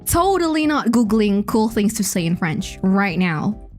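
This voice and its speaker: A woman's voice: mid-range voice, big pitch swings, measured pace, soft background music. A young woman chatting casually on a stream, playful and joking, with a giggly, rambling delivery. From Indonesia. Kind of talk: casual chat.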